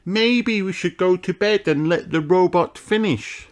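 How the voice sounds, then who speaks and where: A man voicing a helpful young fairy princess girl in a storybook reading, with a bright, slow child voice. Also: high voice, voice pushed up. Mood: earnest. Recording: noisy home recording.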